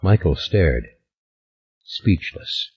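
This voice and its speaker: Low husky guy reading an audiobook, dramatic, kinda muffled. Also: expressive. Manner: measured, dramatic. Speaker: audiobook narrator. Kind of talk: scripted narration.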